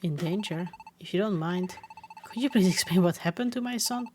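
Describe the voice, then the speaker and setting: A woman reading the lines of a gentle mother bug creature, polite and concerned for her son. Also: lowish voice, moderate pace, slight background noise, lightly acted.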